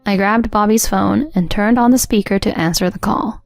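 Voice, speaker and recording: A woman's voice: mid-range voice, moderate pace, vocal fry, no echo. Woman narrating a story, dry close sound. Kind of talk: scripted first-person story narration. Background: soft music.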